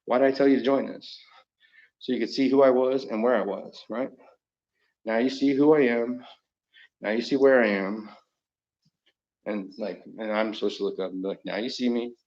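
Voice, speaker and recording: A man rambling through a profane solo livestream monologue, swinging between loud outbursts and muttering. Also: mid-range voice, moderate pace, long pauses. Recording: dull lo-fi recording.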